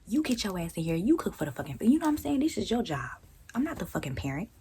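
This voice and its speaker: A young woman telling a story to her vlog audience in a blunt, profane, animated way, sometimes jumping to high incredulous tones. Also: fast talker, slight background noise, low-quality recording. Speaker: vlogger. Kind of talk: casual storytelling rant.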